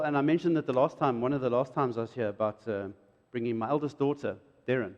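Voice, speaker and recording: A middle-aged man, preaching a sermon in an animated way and acting out quotes. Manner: animated, jumps to loud high emphasis and acts out quotes. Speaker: pastor. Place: church hall. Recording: reverberant church hall.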